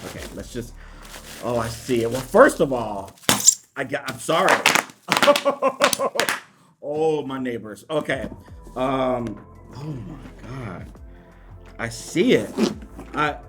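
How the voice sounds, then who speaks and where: A man vlogging an unboxing in an excited, casual way, laughing often and jumping high in pitch when thrilled. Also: slow pace, soft background music. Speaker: YouTube vlogger.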